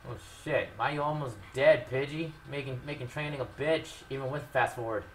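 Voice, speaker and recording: A man's voice: medium pitch, normal speed, a little hiss or hum. Foul-mouthed young man gaming. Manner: profane, swings from mutters to loud outbursts. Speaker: gameplay commentator. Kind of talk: Let's Play commentary.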